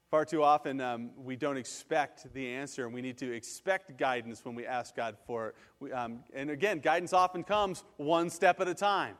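A man's voice: fairly high pitch, moderate pace, a bit bright. A man preaching a sermon, earnest and conversational, acting out prayers and everyday reactions. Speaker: pastor. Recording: long hall reverb.

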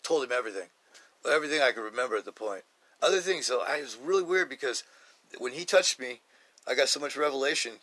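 A man on a podcast, telling a personal faith testimony in an excited, rambling way, often saying "man". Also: mid-range voice, fast, husky. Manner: excited, animated, repeats himself, says "man" often. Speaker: podcast host.

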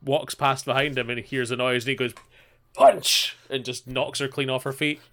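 Bright-voiced man recapping an anime. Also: mid-range voice, level tone. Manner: rambling, sweary, quick retelling with quoted lines. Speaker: podcast co-host. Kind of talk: casual chat recapping an anime.

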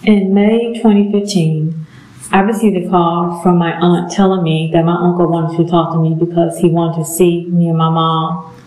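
A middle-aged woman giving an earnest, emotional personal testimony, halting now and then with pauses. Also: on the low side, little pitch movement, darkish tone. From southern United States. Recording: echoey room.

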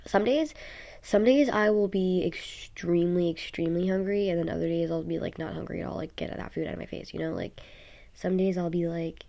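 A teenage girl rambles into her phone at home in a loose, chatty vlog, sounding tired. Her voice sits a little low with lots of gravelly vocal fry, and she strings thoughts together with plenty of "like" and "um". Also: brisk, mellow. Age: teens. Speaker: vlogger. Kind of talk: casual rambling vlog chat. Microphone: phone app recording.

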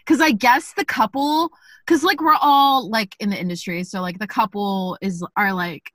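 A young woman co-hosting a podcast, telling a story in a casual, animated way, full of "like" and swearing. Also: medium pitch, normal speed, no echo. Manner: animated, laughing, swearing, lots of "like". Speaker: podcast co-host.

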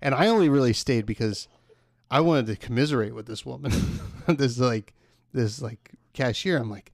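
A man's voice: mid-range voice, normal speed, dry recording, studio quality. A man chatting casually as a podcast co-host, telling rambling stories full of fillers. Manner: rambling storyteller, heavy on "like" fillers. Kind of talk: casual chat.

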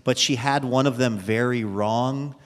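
A man hosting a live radio show, making quick wry comments to his guest. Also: mid-range voice, fairly even intonation. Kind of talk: live interview banter. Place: live theater stage. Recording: long hall reverb, faint noise.

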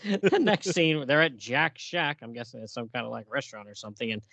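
A man's voice: medium pitch, sing-song, brisk, creaky, fairly bright tone, no echo, muffled recording. A man co-hosting a casual comic book chat, reading comic dialogue aloud in voices and chuckling. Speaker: podcast co-host.

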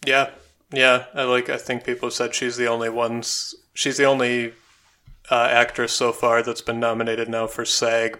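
A male podcast co-host gives opinionated film reviews in casual conversation, using frequent ums and likes. His mid-range voice is bright and forceful.

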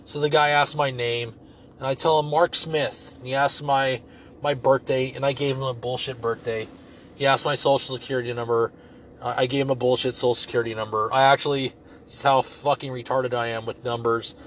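A man's voice: mid-range voice, fairly even intonation, fairly quick, fairly bright tone. A man in his ordinary middle register tells a story in a loose, rambling way. He swears freely and keeps it joking and offhand, with a faint hiss of background noise under his voice. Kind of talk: casual storytelling monologue.

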